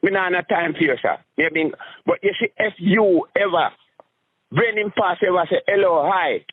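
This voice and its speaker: Jamaican man, rambling comic storyteller, slightly high voice, dry tinny phone-like recording. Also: normal speed, husky, dry recording. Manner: animated, jumps into high voices when acting out scenes. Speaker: street comedian.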